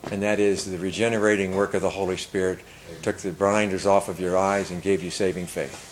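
An older man preaching, telling a story earnestly and rising to loud emphasis. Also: low voice, flat delivery, fairly quick, a little hiss or hum, rough recording. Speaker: pastor. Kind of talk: sermon storytelling.

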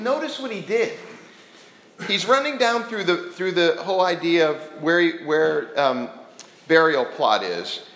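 A man preaching a sermon to a church congregation, posing questions to them in an earnest, animated way. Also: fairly high pitch, slight background noise. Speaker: pastor. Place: church sanctuary. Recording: very echoey church hall.

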